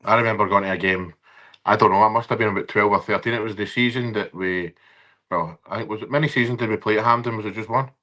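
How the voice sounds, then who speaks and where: A Scottish man with a lowish voice that has a bright, forceful edge, hosting a casual podcast chat. He recounts memories in an easy, conversational way and steers the talk along. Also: fast talker.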